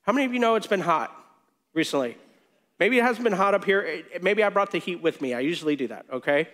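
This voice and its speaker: High-voiced, animated man preaching. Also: quick pace. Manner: animated and conversational, with jokes and acted-out quotes. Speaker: pastor. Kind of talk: sermon.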